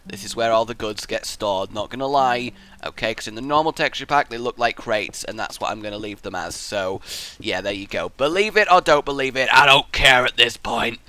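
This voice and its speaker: A young man giving chatty, excitable gameplay commentary as a let's play host, muttering asides to himself. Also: medium pitch, brisk, smooth.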